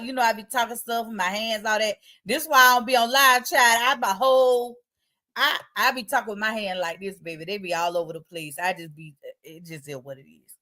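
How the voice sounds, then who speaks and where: Chatty woman hosting a livestream. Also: on the high side. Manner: chatty, reads viewer comments aloud; colloquial, relaxed slang. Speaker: livestream host. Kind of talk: casual livestream chat.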